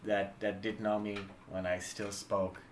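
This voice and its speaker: A man's voice: on the low side, flat delivery, unhurried. A man co-hosting a casual livestream chat, explaining things with many fillers and restarts. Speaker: livestream co-host. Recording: echoey room with faint background noise.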